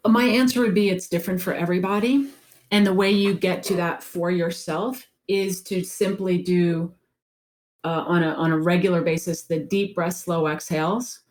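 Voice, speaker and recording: A woman's voice: on the low side, steady tone, moderate pace, darkish tone. A woman life coach answering interview questions in an earnest storytelling way, repeating phrases for emphasis.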